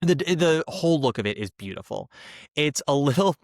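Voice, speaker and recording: A man hosting a podcast, giving a casual, animated solo review with chatty asides. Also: fairly high pitch, moderate pace, no echo, clean studio sound. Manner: chatty and animated, slips into mocking impressions. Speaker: podcast host, theater reviewer.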